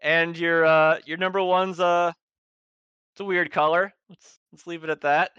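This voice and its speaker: A man acting as game master of a tabletop horror game, improvising with halting, repeated words. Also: fairly high pitch, little pitch movement, bright, forceful tone, smooth, no room sound, dull audio.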